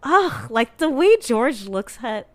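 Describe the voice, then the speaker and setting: Lively gushing woman podcast co-host. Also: high voice, slow. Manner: gushing and animated, rants, many "like" fillers. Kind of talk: casual chat reviewing a TV series.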